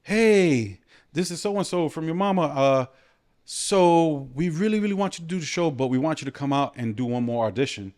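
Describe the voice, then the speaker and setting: A man's voice: fairly high pitch, lively intonation, moderate pace, darkish tone, voice pushed up, natural voice. A man voicing an upbeat male TV producer who leaves a friendly, salesy phone message.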